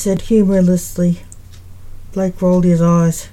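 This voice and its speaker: Slow, mellow woman reading a story. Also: lowish voice, level tone, rough recording. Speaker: story reader. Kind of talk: reading a fan fiction story aloud.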